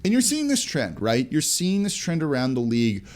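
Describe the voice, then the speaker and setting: Energetic male sports podcast host. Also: fairly high pitch. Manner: energetic, conversational, fast asides. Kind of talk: solo sports podcast commentary.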